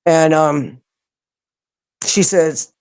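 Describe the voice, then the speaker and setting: A woman telling a personal story as an interview guest, animated, acting out other people's lines and laughing often. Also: low voice, extremely slow. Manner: animated, acts out quoted voices, laughs often. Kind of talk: casual storytelling.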